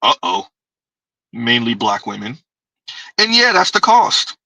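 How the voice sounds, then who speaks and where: A man hosts a late-night commentary show, blunt and joking. He talks slowly with a sharp, bright tone. He sits back from the mic in a dry room. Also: mid-range voice, very animated, no echo, distant mic, poor audio. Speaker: commentary channel host.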